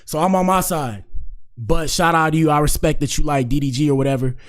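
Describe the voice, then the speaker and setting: A man's voice: a little high, a little fast. A man hosting a commentary show, reacting casually and talking straight to his viewers with slang and repeated catchphrases.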